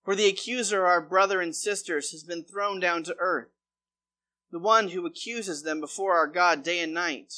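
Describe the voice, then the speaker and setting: A man's voice: high-pitched, normal speed, sharp tone. A man preaching a sermon as pastor, reading a long scripture passage aloud before explaining it.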